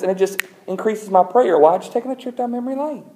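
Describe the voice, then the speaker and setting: A man's voice: high voice, fast talker, hardly any pauses. A middle-aged man, a pastor preaching a sermon in a conversational storytelling way. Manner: conversational storytelling, animated when retelling.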